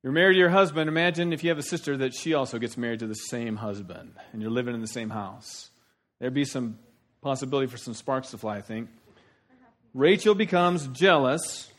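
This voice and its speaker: A middle-aged man preaching a sermon, telling the story in a folksy, animated way with sudden loud outbursts. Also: fairly high pitch, brisk. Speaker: pastor.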